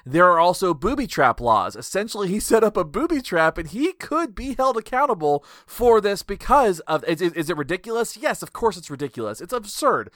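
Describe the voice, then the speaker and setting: A man's voice: high voice, very animated, a little fast, few pauses, a bit bright, no room sound, studio quality. A man co-hosting a podcast in casual banter, amused and laying out explanations. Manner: amused, explains things, laughs easily. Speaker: podcast co-host.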